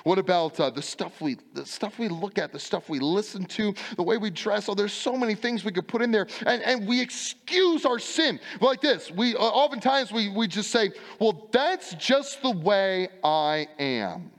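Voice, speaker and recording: A man's voice: high voice, moderate pace, few pauses. A male pastor preaching a sermon, firing rhetorical questions and repeating his refrains with emphasis. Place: church sanctuary. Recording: long church reverb.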